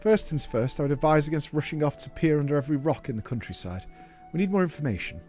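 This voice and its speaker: A man's voice: a little high, animated, fast talker, a little mellow, faint music behind, natural voice. A man reading aloud the formal lines of a quest-giving game character in his own voice.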